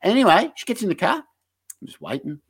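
A man's voice: high-pitched, wildly swooping pitch, quick pace, gravelly, husky. A man with an Australian accent hosting a comedy podcast, rambling and hyping things up with lots of fillers. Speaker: podcast host. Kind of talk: casual comedic podcast banter.

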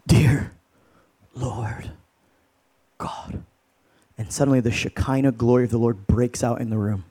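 A man in his thirties preaching a sermon, telling stories in an animated, casual way with slang. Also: medium pitch. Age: 30s.

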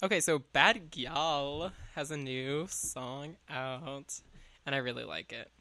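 Bright-voiced man rambling casually. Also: mid-range voice, slow. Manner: rambling, heavy use of "like", trailing off. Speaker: podcast co-host. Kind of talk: casual chat about music.

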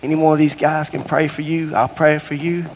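A middle-aged man preaches in a folksy, conversational way, his fairly high voice rising now and then into bursts of fervor. He speaks in a church sanctuary, and the sound hangs in a long hall reverb. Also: flat delivery, brisk. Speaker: guest preacher. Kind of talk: sermon.

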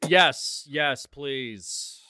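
Smooth-voiced man, teasing podcast co-host. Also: mid-range voice, very slow, pushed and bright, no echo, studio quality. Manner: laughing, emphatic, teasing. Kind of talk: casual podcast banter.

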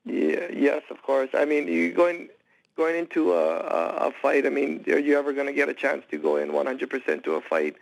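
A man from Hawaii speaking as a guest on a phone interview, talking haltingly with many restarts and fillers. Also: on the high side, lively intonation, creaky, low-quality recording. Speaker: guest fighter.

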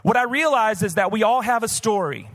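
A man's voice: sits high, lively intonation, a little fast, fairly bright tone, long reverb tail, soft background music. A man from the Missouri Boot Heel preaching a casual live sermon as pastor, candid and chatty with many "like" fillers. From Missouri Boot Heel, USA. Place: church auditorium, live.

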